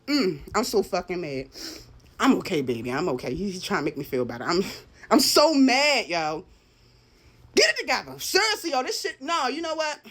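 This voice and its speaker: A woman giving a profane, heated ranting monologue, swinging between loud outbursts and low muttering. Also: huge pitch swings, moderate pace. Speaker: social media commentator.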